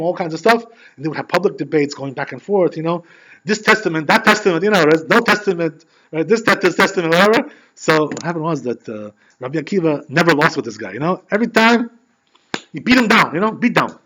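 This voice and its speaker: A man who is a rabbi, telling a story in a sermon in an animated, chatty way, full of filler phrases. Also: a little high, quick pace, a little hiss or hum. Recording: dull lo-fi recording.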